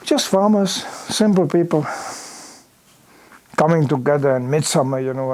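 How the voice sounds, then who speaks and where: A man's voice: fairly high pitch, animated, normal speed, long pauses, a little mellow, slight background noise. An older man preaching in a temple hall, telling a story with many "you know" asides and acted-out sound effects. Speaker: visiting preacher. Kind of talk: storytelling sermon.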